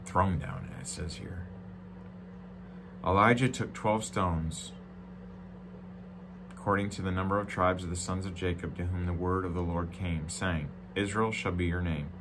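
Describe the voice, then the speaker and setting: Low-voiced pastor preaching with emphatic swings. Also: male voice, fairly even intonation, a little slow, pauses often, background noise. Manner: reads scripture aloud with asides and jokes; swings from loud emphatic delivery to quiet, low-voiced reflection. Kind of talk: sermon. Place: church.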